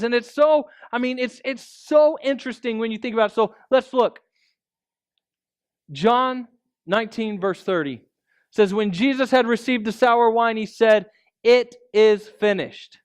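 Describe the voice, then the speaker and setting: High-voiced pastor preaching conversationally. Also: male voice. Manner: conversational preaching, frequent rhetorical asides. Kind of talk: sermon.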